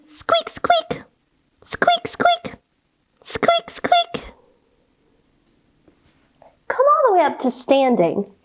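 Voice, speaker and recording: A high-voiced woman leads a children's yoga class and walks the kids slowly through each pose. Her pitch swoops up and down with playful, sing-song cheer. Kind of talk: guided kids' yoga class.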